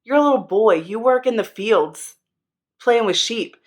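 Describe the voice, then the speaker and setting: Lady doing a worried king, lecturing, kinda higher voice. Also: animated, a little slow. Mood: warning. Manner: cautious, lecturing. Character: worried older male king.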